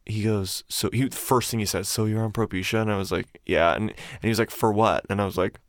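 A man rambling through a casual podcast story, often quoting others in a lower, mocking voice. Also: fairly even intonation, fairly quick, dry recording, studio quality. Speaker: guest.

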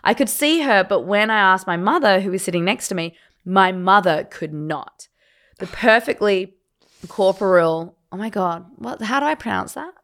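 A woman's voice: mid-range voice, moderate pace. A woman co-hosting a podcast, chatting casually and reading listener stories aloud, slightly hungover. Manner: chatty, animated storytelling with laughs. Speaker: podcast co-host.

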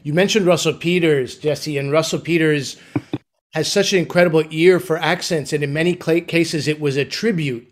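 A male comedian with a somewhat high voice. He reasons aloud thoughtfully, laying out his points one at a time in a casual panel chat. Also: moderate pace. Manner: thoughtful, building points step by step. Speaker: comedian guest.

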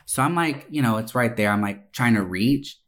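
A woman casually telling a wild story, profane and animated, with frequent laughter and swearing. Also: extremely low pitch, moderate pace.

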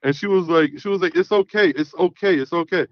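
A man's voice: sits high, fairly quick, no echo, lo-fi sound. A man in his thirties telling a long personal story in casual chat, rambling and often saying "you know what I mean". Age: 30s. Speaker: guest.

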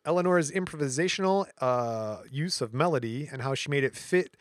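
A man's voice: medium pitch, expressive, normal speed, no echo. Guy cohosting a podcast, reads out notes, trips on words, laughs a lot, dead dry room. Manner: joking, giggly, stumbles over words. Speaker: podcast co-host. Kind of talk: casual chat, presenting history notes.

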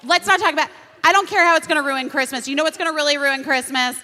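A woman, an actress guest on a talk show, giving a fiery, profane comic rant that breaks into shouting. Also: high voice, fast talker. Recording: reverberant hall.

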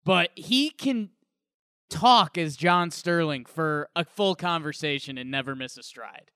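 Rambling male co-host, bright smooth voice, recorded dry and close. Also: on the high side, measured pace, no room sound. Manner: rambling, animated storytelling. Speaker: podcast co-host. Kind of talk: casual podcast chat.

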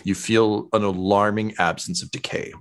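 A man as game master, describing scenes with many pauses and fillers. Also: lowish voice, steady tone, fairly bright tone, clean tone. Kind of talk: narrating a tabletop game.

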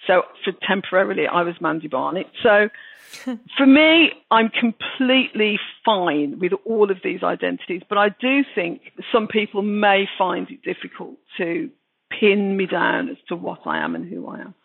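A woman's voice: mid-range voice, big pitch swings, normal speed, creaky, slightly rough, no echo. A woman in her sixties with a Birmingham accent, a guest author telling her story frankly and emphatically. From Birmingham, England. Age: 60s. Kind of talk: reflective interview talk. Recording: dry, tinny phone-like line.

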